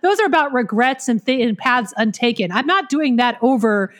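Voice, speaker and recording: High-voiced, slightly hoarse woman co-host. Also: moderate pace. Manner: giggly, animated storyteller. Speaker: podcast co-host and author. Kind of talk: casual podcast chat.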